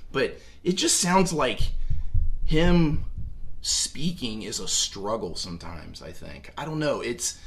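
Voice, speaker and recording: A man's voice: mid-range voice, big pitch swings, takes it slowly, vocal fry. A man co-hosting a casual movie discussion, talking in a rambling way with lots of fillers. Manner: rambling, filler-heavy, enthusiastic. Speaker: podcast co-host.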